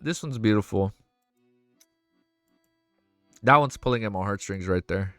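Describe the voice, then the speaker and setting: A man streaming live, reacting to fan art in casual chat, excitable and swearing often with quick exclamations. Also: lowish voice, dry recording, studio quality, faint music behind.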